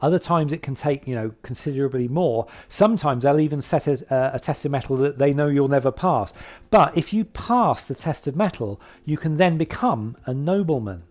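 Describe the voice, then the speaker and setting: A man's voice: a little high, expressive, normal speed, darkish tone. A man talking casually to camera, rambling and hesitant, with lots of fillers and restarts. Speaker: vlogger describing his hobby.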